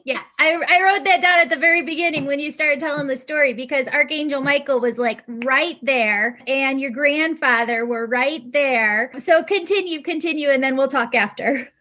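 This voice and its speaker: A woman hosting a podcast, encouraging her guest and quick to affirm what she says. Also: high-pitched, bright, forceful tone. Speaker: podcast host. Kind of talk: interview conversation.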